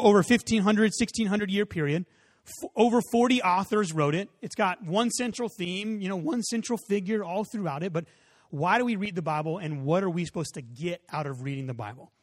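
A man in his thirties preaching a sermon as a pastor, conversational, with rising emphatic peaks and soft drop-offs. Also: high voice.

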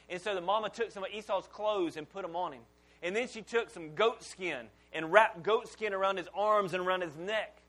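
A man's voice: high-pitched, fairly bright tone. A male pastor, preaching a sermon in a folksy, storytelling way and acting out the characters' lines. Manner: folksy storytelling with acted-out dialogue.

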